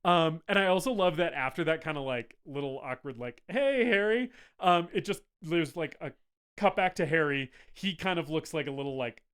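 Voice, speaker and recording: This podcast co-host talks a little fast, with a fairly high, slightly bright and clean voice. He's chatting casually about a movie and doing voices to act out its scenes.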